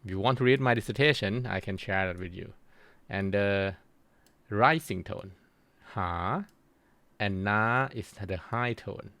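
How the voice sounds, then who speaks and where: A middle-aged man giving a university lecture, halting with many restarts and fillers. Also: fairly low pitch, a bit bright, no echo.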